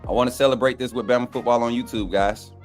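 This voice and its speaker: A man's voice: medium pitch, fast, faint music behind. A young man, a co-panelist on a sports show, chatting casually and folksily with his viewers. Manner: relaxed, folksy, addresses viewers as y'all. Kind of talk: casual live stream chat.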